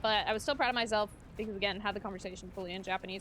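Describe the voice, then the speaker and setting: Racing along in a steady, mid-range voice that's a bit bright, a woman from the United States chats casually while streaming a game. She tells stories and breaks into laughter now and then, and a little hiss or hum sits in the background.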